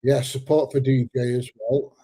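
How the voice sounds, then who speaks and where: A man in his seventies with a husky, dark, mid-range voice chats casually on a live stream at a normal speed and level tone, joking, laughing often and slipping into slang as he reads viewer comments. He sounds a little congested, and the recording is dry.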